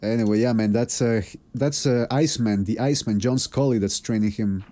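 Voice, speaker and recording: A man's voice: mid-range voice, fairly quick, dark tone, a little hiss or hum. A man hosting a live podcast in casual chat, laid-back and rambling with plenty of fillers. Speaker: podcast host.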